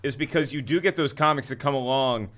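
A man's voice: mid-range voice, fairly quick, a bit bright. Chatty man in casual podcast talk. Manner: earnest, rambling with restarts. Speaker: podcast co-host. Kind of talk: casual chat.

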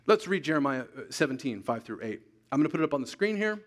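A man preaching a sermon as pastor, emphatic, repeating key lines slowly for weight. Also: a little high, sing-song. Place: church sanctuary.

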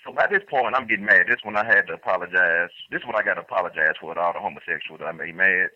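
A low-pitched man racing through a rambling call-in story on a talk show, with restarts and bursts of laughter. The dry recording comes through a dull lo-fi phone line.

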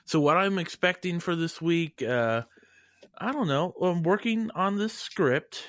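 A man co-hosting a podcast, chatting in a relaxed, hesitant way with fillers and restarts. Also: high voice, a little slow, dry recording, clean studio sound. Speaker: podcast co-host. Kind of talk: casual chat.

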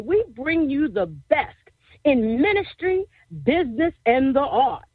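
A woman's voice: high voice, lively intonation, measured pace, no room sound. A woman hosting a gospel radio show with exuberant energy, laughing often and repeating her catchphrases, heard over a tinny phone line.

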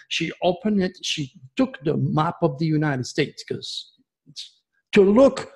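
A man telling a personal story in a rambling, excitable way, with many restarts. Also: a little high, vocal fry, slightly rough. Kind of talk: casual storytelling.

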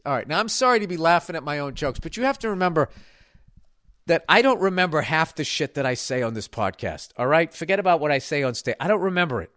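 Man comic podcast host, somewhat high voice, crude rambling banter. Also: sing-song, quick pace, fairly bright tone, no echo, clean studio sound. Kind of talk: casual podcast chat reading listener mail.

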